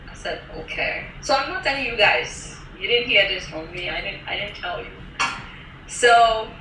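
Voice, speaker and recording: A woman, a guest speaker, giving an animated personal testimony and acting out what others said to her. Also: fairly high pitch, recorded from a distance, slight background noise. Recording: roomy echo from off-mic.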